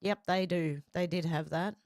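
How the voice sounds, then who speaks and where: This middle-aged woman chats casually on her livestream as she reads viewer comments aloud. Her voice is lowish, steady, and darkish at a moderate pace, in a dry recording with clean studio sound.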